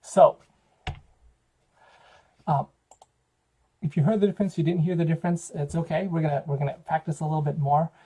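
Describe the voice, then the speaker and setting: A man's voice: on the high side, steady tone, a little fast, pauses often, mellow, husky, rough recording. A man, a choral director, giving a music theory lecture, explaining step by step with frequent fillers.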